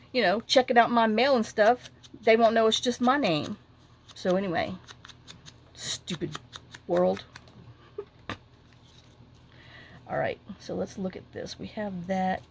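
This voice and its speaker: A middle-aged woman, chatting casually as she crafts at her desk at home and rambling through a lively story with lots of asides. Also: lowish voice, creaky, slight background noise. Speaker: crafting vlogger.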